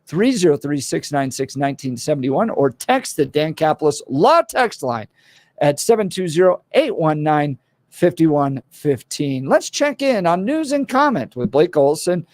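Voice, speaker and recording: A man hosting a morning talk radio show, opinionated and animated, with sarcastic asides. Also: a little high, measured pace, dry recording. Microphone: studio microphone.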